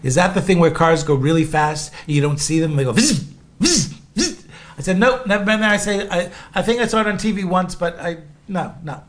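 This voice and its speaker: A man's voice: sits high, fast, hardly any pauses. A middle-aged man from Cape Cod, telling a personal story in a casual monologue and acting out the other people's voices. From Cape Cod, Massachusetts. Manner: animated, acts out voices and sounds in his story.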